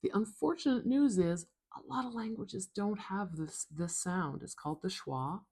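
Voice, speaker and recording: A woman teaching phonetics in a slow, soft tutorial, patiently repeating each sound. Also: medium pitch, expressive, husky.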